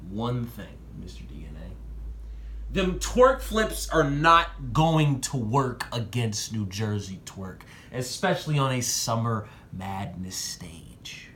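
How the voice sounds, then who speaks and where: A young man in a casual vlog giving excited predictions and talking straight to the people he discusses. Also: reverberant, a little hiss or hum. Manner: excitable, talks straight to the rappers, jumps in pitch. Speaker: battle rap commentator.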